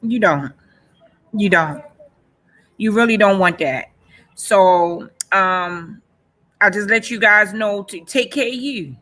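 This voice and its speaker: A woman, sharing her own story in a panel talk. Her voice is bright and forward. She talks with earnest emphasis and circles back to the same phrases again and again. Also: medium pitch, takes it slowly, pauses often. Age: 40s. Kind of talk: personal testimony in a panel session.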